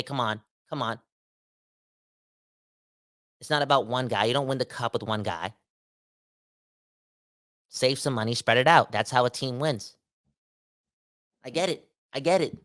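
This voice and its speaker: A Canadian man in a casual solo podcast rant. His pitch sits at a middle height, and he delivers his points with energy, slang and emphatic repeats. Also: pushed and bright. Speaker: podcast host.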